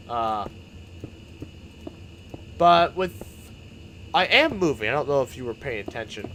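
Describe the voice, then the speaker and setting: A young man talks casually while he streams, rambling from one plan to the next and laughing as he goes. His pitch swings widely and he restarts his sentences often. Faint noise sits under his desk mic. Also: huge pitch swings, takes it slowly, pauses often, fairly bright tone, poor audio. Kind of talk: casual chat while building in a game stream.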